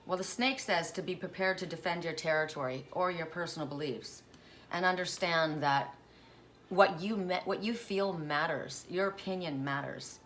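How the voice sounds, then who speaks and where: A woman's voice: fairly low pitch, normal speed, a bit bright, slight background noise. A woman giving a spiritual oracle card reading, musing aloud with coughs and asides, choked up at times.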